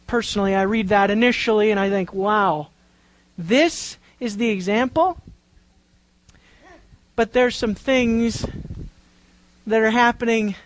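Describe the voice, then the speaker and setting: A woman's voice: a little high, dry recording, poor audio. A woman preaching a Bible-teaching sermon, drawing out key words for emphasis and putting questions to the congregation.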